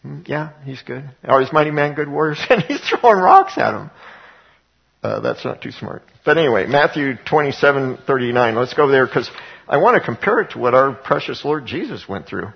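Man, pastor, conversational sermon, rhetorical questions, gravelly, dull recording. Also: mid-range voice, sing-song, normal speed. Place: church sanctuary before a congregation.

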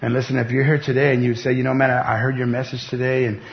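A middle-aged man preaching a sermon as pastor, talking conversationally with bursts of excited emphasis. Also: mid-range voice, fast talker. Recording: dull lo-fi sound with faint background noise.

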